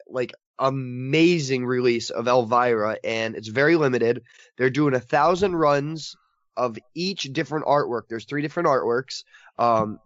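A man's voice: mid-range voice, dry recording, highs cut off. Enthusiastic man chatting on a podcast. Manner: enthusiastic, excitable, laughs often. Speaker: podcast co-host covering horror collectibles. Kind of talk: casual podcast chat.

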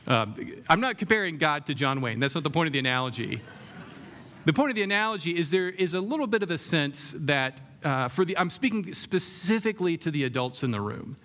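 Conversational male preacher, slightly high voice. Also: animated, brisk, fairly bright tone. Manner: conversational, asks the room questions, many fillers. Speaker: pastor. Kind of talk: sermon.

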